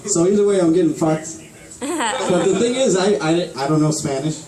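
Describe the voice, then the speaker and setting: His voice sits high and sounds expressive, moving at a moderate pace. He's a stand-up comedian in his twenties rambling through a profane set at a small bar open mic and chuckling at his own jokes, recorded from a far mic in an echoey room with the audience laughing.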